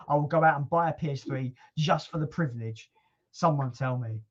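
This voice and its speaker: A man's voice: a little high, a little fast. Guy chatting on his stream, laid back, swears a bit, kinda dull lo-fi audio. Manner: chatty, relaxed, swears casually. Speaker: livestream host. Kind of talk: casual livestream chat.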